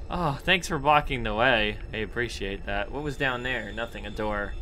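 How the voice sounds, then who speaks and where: A man's voice: fairly low pitch, moderate pace, sharp tone, slight background noise. A young man commentating a horror game, nervous and jumpy, chatting to objects around him and yelping at scares. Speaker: gaming YouTuber.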